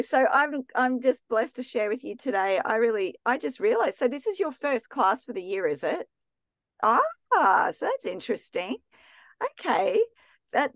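An Australian woman talks to an online class in a chatty, excitable way, often restarting her sentences. Her voice sits on the low side for a woman, and the sound is close and dry with no room around it. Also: no room sound. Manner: chatty, enthusiastic, many restarts and fillers. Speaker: guest teacher in a theology class. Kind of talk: casual, chatty teaching talk.

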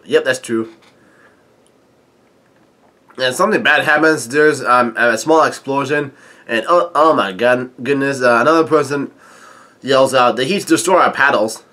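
A man casually reading a comic aloud with his own comments, halting and full of fillers, chuckling at the story. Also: medium pitch, bright, forceful tone.

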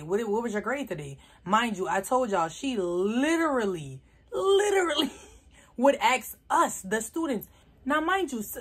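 A young woman vlogger, telling a casual storytime in an animated, slangy way. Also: mid-range voice, slightly rough.

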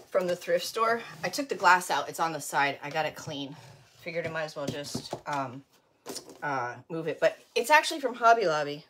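A woman's voice: medium pitch, fairly bright tone. A chatty woman in her fifties hosts a live crafting stream, breaking off mid-sentence to greet viewers by name. She laughs at herself often and keeps a loose, rambling, friendly flow. A faint hiss sits under her voice. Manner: self-deprecating, laughs often. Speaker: crafting livestream host. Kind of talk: casual live craft tutorial chat.

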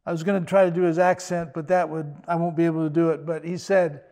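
An older man, a pastor, preaching a sermon in a conversational way with joking asides and quick restarts. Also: fairly high pitch, flat delivery, warm tone.

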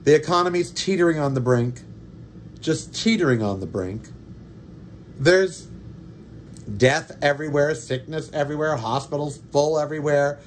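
A man's voice: fairly high pitch, moderate pace, pauses often, a little hiss or hum. A man hosting a podcast, delivering an indignant, sarcastic political monologue. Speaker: podcast host.

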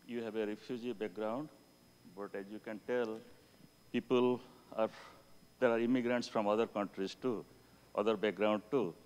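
Non-native english-speaking man, low voice, halting, earnest, long auditorium reverb. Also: smooth. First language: not English. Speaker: audience member asking a question. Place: university auditorium.

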